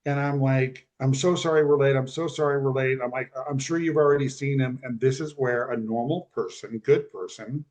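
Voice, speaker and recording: A man on a podcast retelling a personal story, halting and repeating himself, close to tears. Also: medium pitch, steady tone, a little mellow. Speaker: podcast guest.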